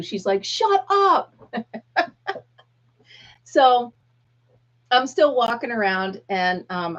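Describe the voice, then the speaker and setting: In lo-fi audio, a medium-pitched woman of middle age chats casually on her live stream. She tells a story to viewers in a chatty way, acting out what the people in it said.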